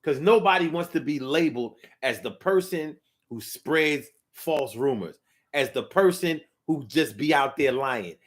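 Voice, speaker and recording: A man's voice: a little high, animated, measured pace. A man giving a casual spoken monologue to his viewers, emphatic and repeating phrases for effect. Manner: talks straight to the audience. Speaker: vlogger.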